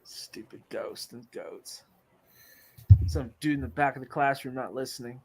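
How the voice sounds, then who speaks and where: A man's voice: medium pitch, a little slow, slightly rough. A man in casual chat, rambling through a joke with many restarts.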